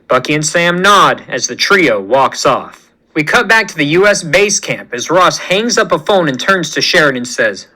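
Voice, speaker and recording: A man's voice: a little high, sing-song, normal speed, pushed and bright, rough recording. A man narrating a fan-made superhero story in a plain storytelling voice. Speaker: fan-fiction reader.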